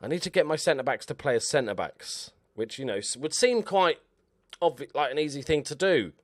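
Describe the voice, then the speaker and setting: A man commentating over his own football management game, excitable and swearing at his players. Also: on the high side, brisk, no room sound, studio quality. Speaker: gaming YouTuber. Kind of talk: Let's Play commentary.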